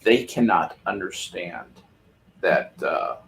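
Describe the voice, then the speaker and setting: A man's voice: low voice, sing-song, takes it slowly, vocal fry, a bit bright. A man on a podcast panel in casual chat, chiming in with wry remarks.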